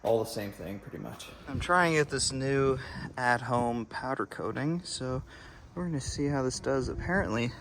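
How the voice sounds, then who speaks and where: A man's voice: mid-range voice, normal speed, low-quality recording. Casual man talking through a car project. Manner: relaxed, rambling, thinking aloud with fillers. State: out of breath at times. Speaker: DIY car vlogger. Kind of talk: casual how-to narration. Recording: loud background noise.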